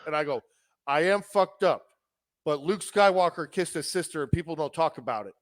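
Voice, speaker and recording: A man's voice: on the high side, a little fast, dry recording, clean studio sound. Rambling, cussing man podcast host. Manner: rambling, profane, acts out dialogue. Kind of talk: casual storytelling chat.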